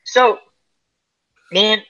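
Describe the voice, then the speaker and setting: A man's voice: very slow, lo-fi sound. A middle-aged man hosting a casual group chat, animatedly telling stories and acting out the people in them. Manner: animated storyteller, acts out quoted people. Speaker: host.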